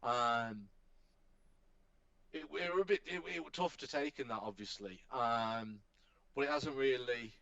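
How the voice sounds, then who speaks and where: A man tells animated stories as a podcast guest and swears casually. His voice sits at a middling pitch. The recording is dry and a little dull. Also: a little slow, long pauses, dry recording. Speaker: professional wrestler guest.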